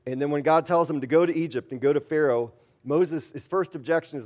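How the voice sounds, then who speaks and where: A man's voice: a little high, fairly quick, hardly any pauses. A man preaching an earnest sermon as pastor, telling stories and acting out quotes. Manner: earnest, storytelling with acted quotes.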